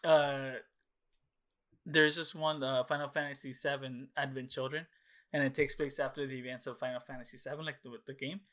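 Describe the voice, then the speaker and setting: A man's voice: medium pitch, little pitch movement, moderate pace, fairly bright tone. A young man co-hosting a casual podcast, telling a long rambling story full of fillers and swearing and acting out his own past reactions. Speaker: podcast co-host. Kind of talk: casual chat.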